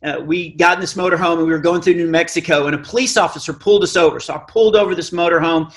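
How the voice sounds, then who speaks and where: A middle-aged man with a naturally high voice telling a self-mocking comic story on stage, acting out the dialogue. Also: fairly even intonation, very fast. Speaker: Christian comedian. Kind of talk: stand-up storytelling. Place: live event stage.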